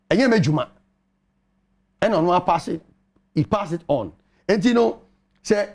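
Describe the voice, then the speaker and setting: A man's voice: high voice, very animated, moderate pace, vocal fry, pauses often, a little mellow, breathy edge. A middle-aged man with a Ghanaian accent, arguing on a talk show and firing off rhetorical questions. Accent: Ghanaian English. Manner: emphatic, argumentative, rhetorical questions. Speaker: panelist. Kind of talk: animated radio talk show commentary.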